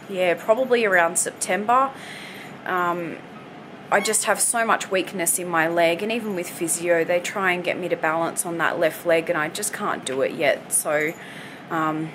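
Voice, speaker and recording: A woman's voice: fairly low pitch, noisy background. A woman in her twenties giving a candid, hesitant update on her recovery from home, with lots of "you know" fillers while she is still on crutches. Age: 20s. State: recovering from hip surgery, on crutches. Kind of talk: casual personal update. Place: at home with pets nearby.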